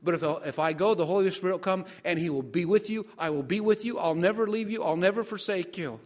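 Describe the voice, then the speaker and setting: Older guy pastor preaching a sermon, kinda high voice, keeps quizzing the crowd. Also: fast. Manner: asks the congregation questions and waits for answers.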